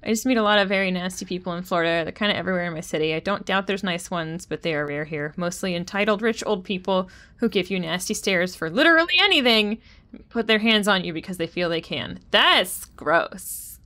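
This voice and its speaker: A woman's voice: on the low side, a little fast, sharp tone. A young woman streamer giving casual, joking gameplay commentary, swearing freely and talking to her chat.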